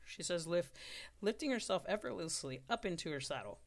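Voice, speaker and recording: Steady storybook narrator reading a draft. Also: mid-range voice, brisk. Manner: steady reading with occasional self-corrections.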